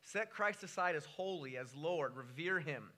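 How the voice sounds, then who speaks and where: Man, pastor, sermon, high voice, bright tone, animated storyteller. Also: moderate pace. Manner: animated storytelling, pitch jumping when excited.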